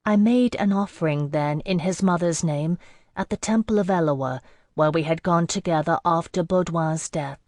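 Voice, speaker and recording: Low-voiced woman narrating a fantasy audiobook. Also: moderate pace, darkish tone, no room sound, clean studio sound. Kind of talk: scripted first-person fantasy narration.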